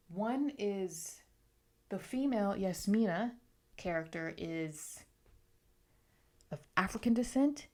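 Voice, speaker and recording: A woman chatting through a casual book haul vlog as a book vlogger, outspoken and talkative, with quick asides. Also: mid-range voice, darkish tone.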